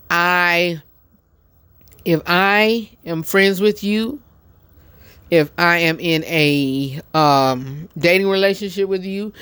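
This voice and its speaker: Male talk host, unhurried, meandering live-stream chat with lots of fillers; smooth tone. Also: on the high side, fairly bright tone, no room sound. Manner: slow, rambling, many ums and restarts; eating while talking. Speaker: show host. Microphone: phone.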